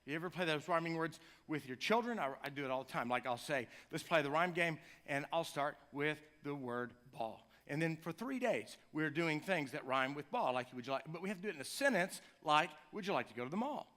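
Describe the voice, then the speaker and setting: A man's voice: a little high, lively intonation, fairly quick, few pauses, bright, forceful tone. A middle-aged man preaching a sermon in a church, talking to the congregation in a chatty, joking way and building to passionate cries. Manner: conversational, jokey asides, rising to impassioned cries. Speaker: pastor. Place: church sanctuary.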